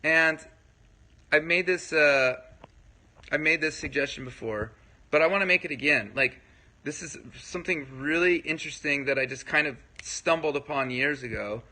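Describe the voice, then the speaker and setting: Poor audio captures a man's slightly high voice, bright and forceful, at a normal pace. As host of a casual livestream, he chats loosely with viewers and replies to comments. He rambles with plenty of fillers and frequently checks in with the people watching.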